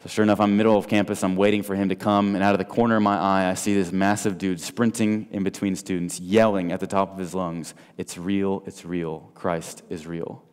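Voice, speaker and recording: A man preaching an evangelistic sermon, telling stories and swinging between loud and soft. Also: sits low, flat delivery, fast talker, hardly any pauses, clear, resonant tone. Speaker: guest speaker. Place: large church hall. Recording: long hall reverb.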